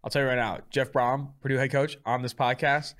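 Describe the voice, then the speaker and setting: A man co-hosting a sports podcast, talking fast and loosely in casual chat, swearing now and then. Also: medium pitch, level tone, fairly bright tone. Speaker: podcast co-host.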